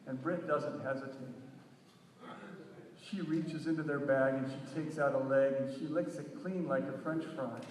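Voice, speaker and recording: A man giving an animated live reading of a short story, now and then shouting quotes in a sing-song voice. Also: mid-range voice, unhurried. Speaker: reader. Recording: echoey hall, recorded from far off.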